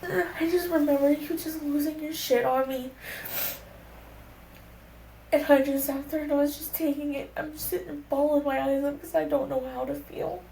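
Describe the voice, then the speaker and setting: A woman's voice: high voice, steady tone, moderate pace, creaky, warm tone. A young woman speaking candidly and rawly, telling a personal story in conversation and swearing casually. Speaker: podcast guest. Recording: echoey room with faint background hum.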